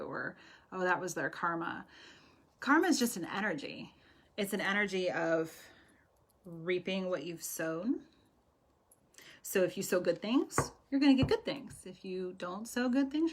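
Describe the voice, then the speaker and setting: A woman's voice: on the low side, creaky. A woman giving tarot readings on a live stream, chatty and affectionate, laughing often. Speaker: tarot reader. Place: home, live video stream.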